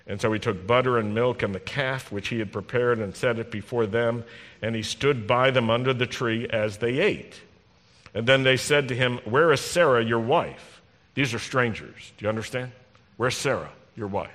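Give me a man giving a sermon as a rabbi, bright and direct, with a long hall echo. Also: medium pitch, steady tone, normal speed. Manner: conversational preaching, teasing the congregation, addresses listeners directly. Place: congregation hall. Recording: long reverb in a large hall.

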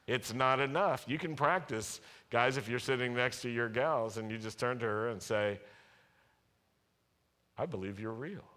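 A man's voice: mid-range voice, normal speed, hardly any pauses, pushed and bright. A man preaching a sermon as a pastor, earnest and emphatic, repeating key phrases. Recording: reverberant hall.

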